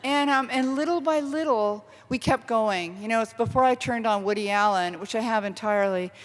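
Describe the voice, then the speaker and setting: A middle-aged woman author giving an animated, self-deprecating storytelling talk to a university audience. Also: fairly high pitch, moderate pace, long reverb tail. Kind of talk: lively storytelling lecture. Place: university lecture hall.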